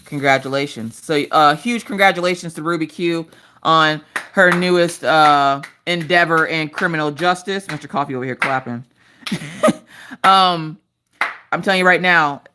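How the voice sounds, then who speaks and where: A woman in her thirties hosting a craft livestream, telling animated family stories in casual chat. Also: slight background noise. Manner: animated storytelling, jumps to high squeals in quoted voices.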